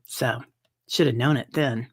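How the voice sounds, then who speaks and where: A woman hosting a meditation group, chatting gently with viewers, greeting them by name and laughing often, a little teary. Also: extremely low pitch, steady tone, unhurried, vocal fry, husky. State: teary-eyed. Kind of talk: casual livestream chat. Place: home, streaming on camera.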